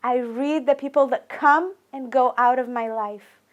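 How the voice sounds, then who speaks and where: High-voiced woman host. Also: a little slow, muffled recording. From Iran. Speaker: podcast host. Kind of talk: personal storytelling podcast.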